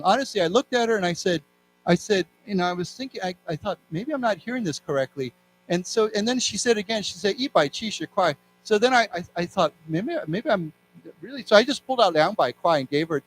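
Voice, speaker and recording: A man giving a live English lesson in a library lecture room, chatting through everyday stories and then explaining words slowly and reading aloud deliberately. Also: a little high, slight background noise, rough recording. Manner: chatty, tells personal anecdotes. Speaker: English teacher.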